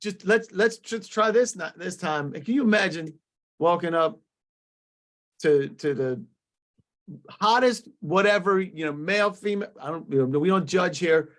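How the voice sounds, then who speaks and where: A man's voice: high voice, measured pace, a bit bright. A man hosting a webinar over a video call, upbeat and jokey, talking casually with plenty of restarts. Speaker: webinar host.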